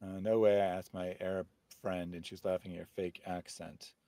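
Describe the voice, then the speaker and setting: A man's voice: sits low, little pitch movement, normal speed, dark tone, dry recording. Combative man hosting live debate stream. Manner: combative, mocking, sarcastic. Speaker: host. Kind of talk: live-stream debate chat, reading viewer comments.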